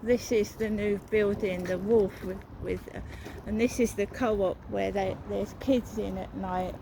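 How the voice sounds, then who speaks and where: A woman's voice: mid-range voice, steady tone, a little slow, creaky, background noise. A woman narrating a walking vlog outdoors, talking in a rambling, repetitive, suspicious way. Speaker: vlogger. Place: outdoors, walking through a town.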